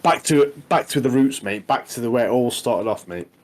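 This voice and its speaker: A man's voice: mid-range voice, moderate pace, crowd noise, low-quality recording. A man recapping a show on a casual podcast. His talk rambles along, full of tag questions like "doesn't he" and "mate". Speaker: podcast co-host. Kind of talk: casual chat recapping a TV episode.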